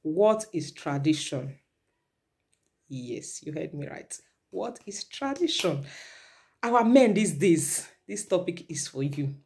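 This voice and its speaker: A woman's voice: deep voice, expressive, slow, creaky, darkish tone. Nigerian woman vlogger, preachy and repetitive, mixes in Pidgin. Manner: lecturing, repetitive, slips into Pidgin. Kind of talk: preachy commentary vlog.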